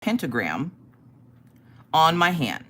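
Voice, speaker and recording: A woman hosting a relaxed live stream, talking to her viewers. Her voice sits low but rises and falls a lot as she tells cursing, animated stories between bursts of laughter. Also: slow. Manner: animated, profane storytelling with frequent laughter. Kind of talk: casual live-stream chat.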